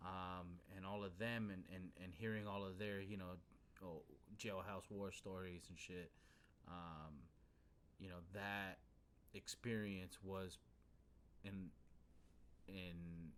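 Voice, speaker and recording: Laid-back man with a bright voice. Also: low-pitched, slight background noise. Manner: laid-back, heavy on fillers like "you know what I mean", swears casually. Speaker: podcast host. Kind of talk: casual storytelling in a men's talk circle.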